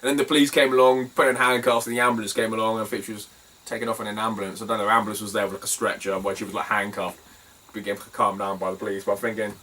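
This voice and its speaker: Far from the mic on a rough recording, a retro game collector with a British accent talks casually about what he's found, telling stories with plenty of swearing, laughter and rambling. His medium-pitched voice sounds pushed and bright.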